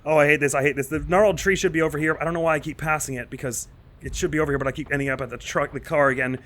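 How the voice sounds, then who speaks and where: Male let's-play host, bright tone, rambling nervous horror commentary, panicky mumbles under stress. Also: fairly high pitch, steady tone, racing. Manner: rambling and self-mocking, jittery with nervous asides. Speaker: gaming channel host.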